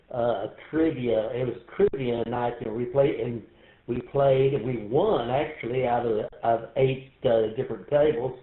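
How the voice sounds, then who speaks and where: Halting man on a tinny radio. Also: mid-range voice. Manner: halting, lots of uh and um, restarts. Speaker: ham radio operator checking into a net. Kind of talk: casual radio check-in. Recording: tinny, echoey radio transmission.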